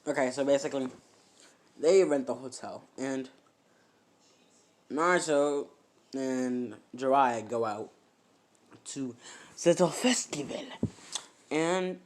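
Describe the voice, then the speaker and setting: A man's voice: medium pitch, takes it slowly, long pauses. A man improvising a fan story aloud, rambling with fillers and correcting himself as he goes.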